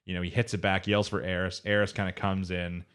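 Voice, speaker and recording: A man's voice: low voice, little pitch movement, fast talker, a bit bright, smooth. A man co-hosting an anime podcast, recapping episodes in a loose, rambling way and quoting characters in his own voice. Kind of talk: casual chat.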